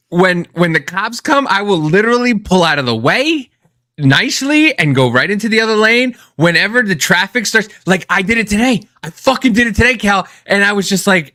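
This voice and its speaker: High-voiced, profane, excitable man. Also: a little fast, no room sound, clean studio sound. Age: adult, has an ex-wife. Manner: profane, animated storytelling with sudden loud outbursts. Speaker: podcast co-host. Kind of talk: casual chat.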